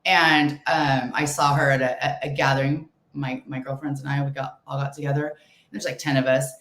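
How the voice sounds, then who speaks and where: A middle-aged woman co-hosting a podcast in casual chat, calm and measured with halting restarts. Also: a bass voice. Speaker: podcast co-host. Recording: echoey room.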